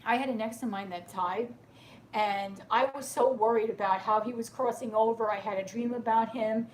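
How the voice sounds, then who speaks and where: A woman's voice: a little high, steady tone, moderate pace, a little hiss or hum. Tearful woman giving a soothing tarot reading. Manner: soothing, reassuring, keeps asking "okay?". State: tearful, emotional. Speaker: tarot reader. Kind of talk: live tarot reading to viewers.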